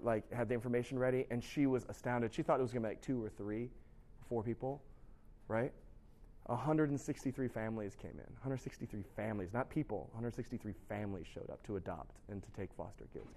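A man's voice: medium pitch, steady tone, brisk, a little mellow. A man giving an informal sermon, telling a story with lots of fillers and restarts, and acting out the people in it. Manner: acts out quoted people in the story. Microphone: recorded live, speaks to a sound tech.

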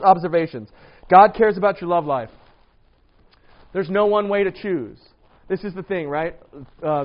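A pastor with a fairly high voice gives a casual, lively sermon on dating and marriage, often asking "right?" and acting out quoted voices in a rhetorical style. The recording is dull and lo-fi.

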